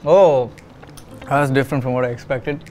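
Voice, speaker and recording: A man's voice: medium pitch, normal speed, a little mellow, soft background music. A man from India hosting a food show, enthusiastic in casual chat and reacting with frequent murmurs. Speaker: host.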